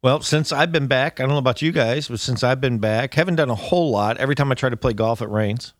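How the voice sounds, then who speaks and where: A man's voice: medium pitch, quick pace, no echo. A middle-aged man hosting a casual chat in an easygoing, folksy way. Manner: easygoing and folksy, with a laid-back drawl. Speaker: host.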